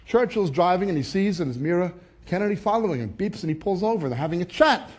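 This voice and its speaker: A man with a notably high voice giving a sermon. He tells jokes in a lively, storytelling way, then turns to reading scripture verse by verse. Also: fast, husky. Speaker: Bible teacher.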